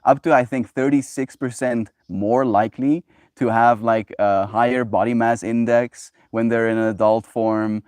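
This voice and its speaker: Host, man, mid-pitched, thoughtful and filler-heavy, dry close sound. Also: fairly even intonation, normal speed, a little mellow, clear, resonant tone, dry recording. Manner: reflective, uses many "like" fillers. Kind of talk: casual conversation.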